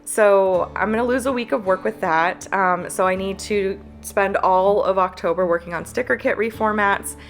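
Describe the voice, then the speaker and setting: A woman in her thirties with a small business, talking candidly to camera, earnest and halting with fillers. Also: medium pitch. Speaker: planner business owner.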